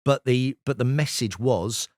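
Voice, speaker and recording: A man, a sales expert guest telling lively anecdotes in an interview. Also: medium pitch, measured pace, no echo, clean studio sound. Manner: lively storyteller, animated anecdotes. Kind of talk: casual storytelling interview.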